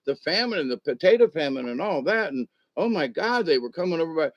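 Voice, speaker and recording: A man's voice: fairly high pitch, sing-song, fast talker, no echo, muffled recording. A man talking in a casual, rambling monologue, often restarting sentences and acting out imagined conversations. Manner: rambling, acts out imagined back-and-forth conversations; many restarts and repeated words. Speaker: commentator.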